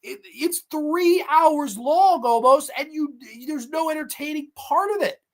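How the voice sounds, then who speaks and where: With a voice that sits high and a measured pace, a woman hosting a movie review podcast vents about a film she dislikes, cursing heavily in a blunt, exasperated manner.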